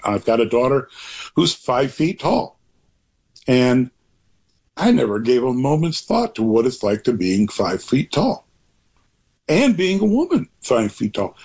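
Husky older man, rambling reflectively. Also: medium pitch, darkish tone. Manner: rambling and reflective, with many restarts. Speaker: author guest. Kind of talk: casual interview talk.

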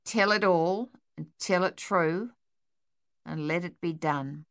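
A woman voicing a sharp-tongued, spry old woman in an audiobook, with a dry, tart, unhurried manner. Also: fairly low pitch. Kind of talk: audiobook character voice.

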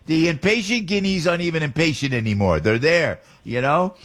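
NY radio host, playful and punchy, husky edge. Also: male voice, a little high, animated, a little fast, a bit bright. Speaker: radio talk show host. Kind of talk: radio host reading ads and bantering.

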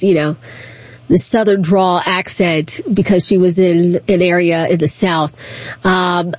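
A woman hosting a call-in radio talk show, chatty and quick, laughing often between points. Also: medium pitch, no room sound.

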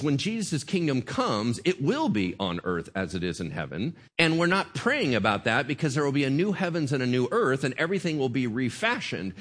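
Animated man preaching a sermon. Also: fairly high pitch. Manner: conversational, animated preaching with audience asides. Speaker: pastor.

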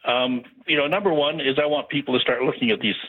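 A man's voice: medium pitch, fast. A man calling in to a radio show, talking emphatically and rambling from point to point. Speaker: caller. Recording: tinny phone line.

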